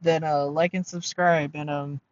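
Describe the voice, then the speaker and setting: A man's voice: on the high side, flat delivery, unhurried, dull audio. A man with an Ohio accent and a nasal voice, talking casually in a commentary vlog, rambling with lots of fillers and restarts. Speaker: commentary channel host.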